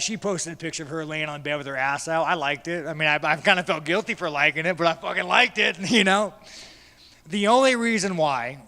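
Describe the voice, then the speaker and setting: Man, fighter, press scrum, blunt, profane, rambling, bright sharp voice, echoey hall. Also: sits high. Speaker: fighter at media day. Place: large media day room.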